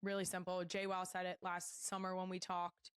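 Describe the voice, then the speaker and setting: A woman hosting a podcast, giving calm, matter-of-fact advice. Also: lowish voice, moderate pace, clean tone, dry recording. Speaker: podcast host.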